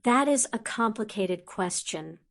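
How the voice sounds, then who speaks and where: A woman reading an audiobook, voicing a calm, wise old male headmaster in a grave, deliberate way. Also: medium pitch, gravelly. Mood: measured. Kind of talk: audiobook character voice.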